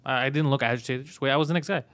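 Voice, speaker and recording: A man's voice: mid-range voice, racing, a bit bright. A man, a podcast co-host telling a story in casual, profane chat.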